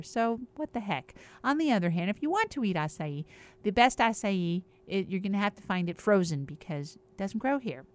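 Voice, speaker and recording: A woman on a regular show, talking in an upbeat, chatty way as she explains things and lists example after example. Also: mid-range voice. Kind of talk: casual explanatory health chat.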